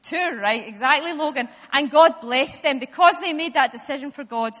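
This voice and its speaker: A woman leads a lively children's talk in church, turning to the children again and again. Her voice is high and bright. A long reverb from the hall trails behind her words. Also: moderate pace. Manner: lively, playful, addresses the children directly. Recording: echoey hall.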